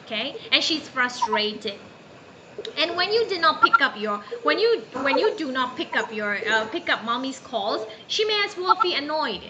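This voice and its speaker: A woman's voice: sits high, sing-song, moderate pace. A Burmese-accented woman teaching an online English class, coaxing and encouraging her students over a video call. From Myanmar. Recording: muffled call audio with background noise.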